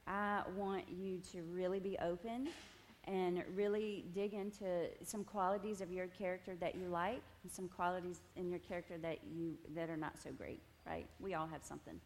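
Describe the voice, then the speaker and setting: This women's ministry speaker recounts her testimony to a group at tables in an animated way, full of laughter and side remarks to the audience. Her pitch is fairly low, her intonation fairly even, her pace moderate, with a slight hiss or hum behind her.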